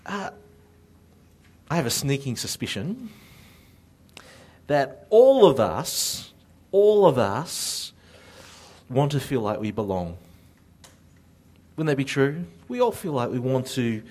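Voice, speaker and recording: A man's voice: mid-range voice, a little mellow. A man from Australia, preaching a sermon in a conversational, self-deprecating way. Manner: conversational, self-deprecating humor, slow deliberate delivery.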